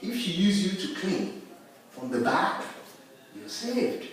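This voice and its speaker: A man with a high voice telling a stand-up joke at a very slow, deliberate pace, stacking one repeated step on the next. His voice rings around a very echoey club and sounds distant from the mic. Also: sing-song. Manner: slow, deliberate, repetitive build-up. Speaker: stand-up comedian. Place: comedy club stage. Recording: echoey room heard from afar.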